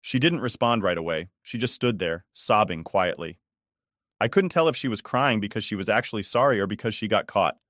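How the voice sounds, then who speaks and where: Brief: man with a lowish voice, scripted story narration, restrained and cold, dry close mic. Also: expressive, brisk, a bit bright, dry recording. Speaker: first-person story narrator.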